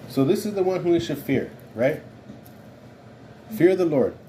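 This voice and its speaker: A man's voice: fairly high pitch, expressive, a little slow, warm tone, a little hiss or hum. A man leading an informal Bible study, talking it through conversationally and often checking in with "right?". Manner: conversational, keeps asking "right?". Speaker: Bible teacher.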